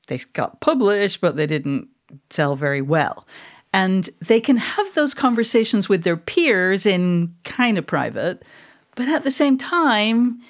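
A middle-aged woman from Manchester with a mid-Atlantic accent, co-hosting a podcast in casual, reflective chat. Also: lowish voice. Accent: mid-Atlantic English. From England, Manchester. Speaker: podcast co-host.

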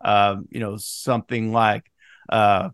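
A man's voice: lowish voice, flat delivery, takes it slowly, fairly bright tone, clear, resonant tone, dry recording, clean studio sound. A middle-aged man hosting a sports podcast, a wry storyteller who teases his co-hosts. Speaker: podcast host.

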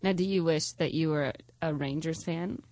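A woman's voice: deep voice, moderate pace, darkish tone, no echo. A playful woman trading jokes on a podcast, her talk loose and full of fillers and giggles. The recording is dry and close, with no room sound. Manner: laughs often, lots of fillers, playful. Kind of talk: casual comedic chat.

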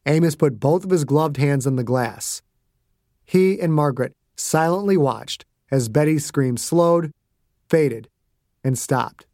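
A man's voice: fairly high pitch, takes it slowly, warm tone, no room sound, studio quality. A man narrating his own fiction as a scripted audiobook with dramatic delivery. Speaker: author and narrator.

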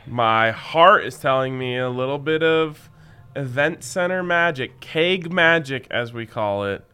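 A man's voice: medium pitch, lively intonation, measured pace, bright, forceful tone, clean tone. A man co-hosting a casual sports-betting podcast, talking in wry, joking banter. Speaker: podcast co-host. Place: studio in Colorado.

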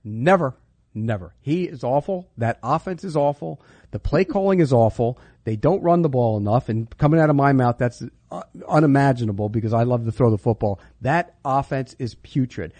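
A man with a middle-pitched voice hosts a football betting chat, emphatic and teasing, hammering points by repeating words. The recording is dry and close, with little room sound. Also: animated, moderate pace, darkish tone, no echo.

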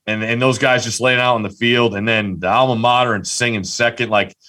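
Guy with a bright punchy voice, all fired up telling a story, keeps restarting his sentences. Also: medium pitch, a little fast. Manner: excited storytelling, many restarts. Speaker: podcast co-host. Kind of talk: casual sports chat.

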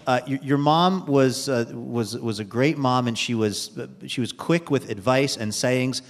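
A man's voice: medium pitch, unhurried, in a large hall. A man hosting an interview, dropping dry, wry remarks as he introduces his guest. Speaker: host. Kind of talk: interview chat.

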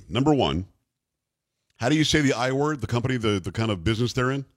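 A man's voice: mid-range voice, expressive, a little fast, no room sound. A middle-aged or older man hosting a talk radio show, rambling and incredulous in casual chat.

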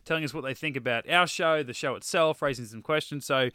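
A man hosting a casual podcast. He reads the plugs and listener mail quickly and restarts his sentences often. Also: mid-range voice, pushed and bright, clean tone, dry recording, clean studio sound. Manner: quick, repeats words when starting. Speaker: podcast host. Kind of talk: casual banter.

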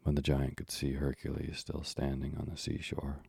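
A man narrating a bedtime story in a calm, hushed, measured way. His voice is extremely deep and heavily gravelly, with a flat, unmoving melody. The recording is dry and close. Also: no echo. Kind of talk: slow, soothing sleep-story reading.

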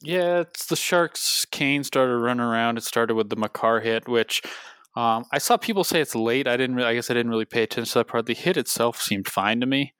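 A man's voice: medium pitch, a little fast, a bit bright, clean tone, dry recording. A man co-hosting a podcast, thinking aloud in a loose, casual way about a game. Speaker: podcast co-host. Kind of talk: casual sports analysis chat.

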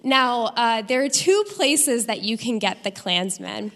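A young woman performing a live stand-up comedy set with an animated, punchy delivery in front of an audience. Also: fairly high pitch, measured pace. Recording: live stage recording with long hall reverb.

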